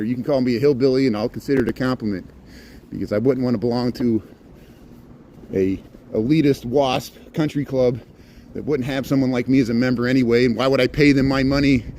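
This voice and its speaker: A man at an ordinary middle pitch talks his way down a snowy sidewalk on a live stream, greeting viewers and rambling into sarcastic jokes. He sounds casual and unscripted, as though speaking into a handheld phone while walking. Faint street traffic hums behind him. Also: darkish tone. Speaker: livestreaming street-walk host. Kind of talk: chatty live-stream commentary. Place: outdoors on a snowy city sidewalk.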